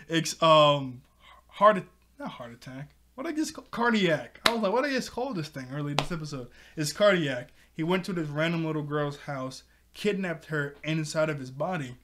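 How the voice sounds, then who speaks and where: A man's voice: fairly high pitch, fairly bright tone. A young man casually recapping a cartoon episode, rambling with lots of fillers and frequent laughs. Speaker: show reviewer.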